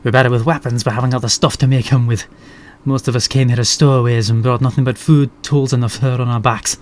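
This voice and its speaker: A man's voice: mid-range voice, steady tone, fast talker, lightly acted. A man voicing a tough female rat drill sergeant with a Scottish accent, speaking bluntly. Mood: gruff.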